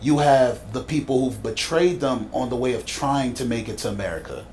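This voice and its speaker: A man's voice: mid-range voice, normal speed, a little mellow, slight background noise. A man talking in a thoughtful, reflective way during a casual podcast conversation.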